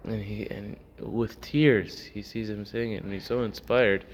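A man's voice: on the low side, fairly even intonation, unhurried. A man teaching a casual Torah class, telling stories with lots of fillers and acting out the people in them. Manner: storytelling, acts out characters, many fillers. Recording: dull lo-fi recording with faint noise.

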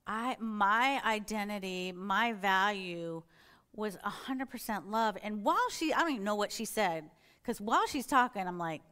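A woman's voice: a little high, lively intonation, brisk, a bit bright. A middle-aged woman, a church elder, giving an earnest sermon-style testimony and acting out her own inner dialogue as she tells her story.

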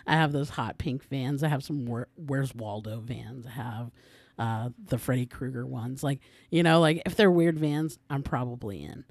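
A man's voice: medium pitch, normal speed, dry recording, clean studio sound. A man chatting casually as a podcast guest, rambling with lots of filler words. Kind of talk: casual chat.

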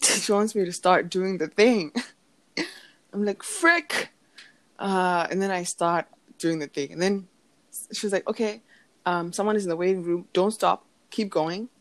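Young woman, lower voice, dry close sound, chatty storyteller who acts out quotes. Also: normal speed, no echo. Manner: animated storytelling, acts out quotes, laughs often. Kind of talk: casual chat.

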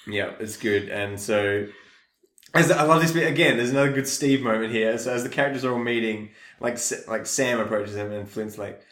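A man's voice: medium pitch, moderate pace, a bit bright, reverberant. A man co-hosting a podcast, casually retelling a film plot and acting out the characters' lines. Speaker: podcast co-host.

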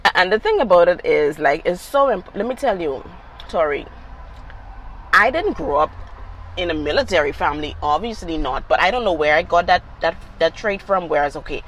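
A woman's voice: on the low side, a bit bright, slight background noise, poor audio. Reflective middle-aged mother, chatty. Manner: reflective, talks with many "you know" fillers. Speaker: guest, mother of the host. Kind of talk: casual conversation.

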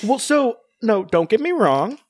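A man's voice: sits high, big pitch swings, measured pace, no echo, clean studio sound. A man chatting casually as a podcast co-host, rambling with many fillers and restarts and joking around. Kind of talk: casual chat.

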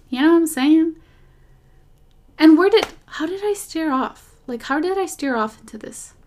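Podcast host, woman, casual and animated faith talk, drifts off topic, phone memo sound. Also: very high-pitched, unhurried, long pauses. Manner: rambling and animated, drifting off topic, lots of fillers.

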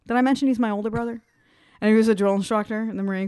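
Animated woman telling a story in her forties. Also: a little high, very fast, clear, resonant tone. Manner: animated storyteller, acts out quoted voices. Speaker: podcast co-host. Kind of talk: casual chat.

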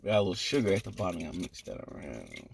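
A man co-hosting a casual podcast, laid-back and quick to laugh. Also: low-pitched, very animated, gravelly, a little hiss or hum. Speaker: podcast co-host.

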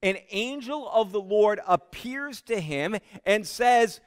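A man with a high voice preaching in a church sanctuary, slow and emphatic, sinking to a hush on his key words. His words linger in a long hall reverb. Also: smooth. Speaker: pastor. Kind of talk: sermon.

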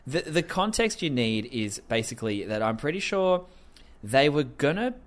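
A man hosts a casual commentary show in a loose, profane style, laughing between thoughts. His mid-range voice swings widely in pitch as he tells the story. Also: moderate pace. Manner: animated, swearing, laughing often. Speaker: podcast host.

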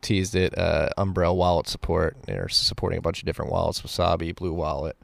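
Man, podcast host, casual blunt talk, rough fry in the voice, dry sound. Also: low-pitched, level tone, no echo. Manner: blunt, profane, brisk sign-off host. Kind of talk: casual chat.

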